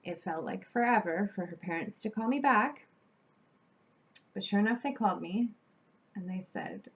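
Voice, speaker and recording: A woman vlogger tells a personal story straight to the camera, animated and chatty. She jumps into the voices of the people in her tale as she goes. Her voice sits at an everyday middle pitch, and the home-video sound is a little dull. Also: normal speed, pauses often. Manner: animated storytelling, acting out quotes with laughs. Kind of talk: storytime vlog.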